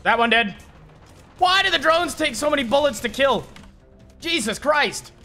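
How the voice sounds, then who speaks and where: A man streaming a video game live, talking through his play with excitable commentary and frequent swearing. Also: very high voice, normal speed, faint music behind. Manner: excitable, swears often, shouts at enemies.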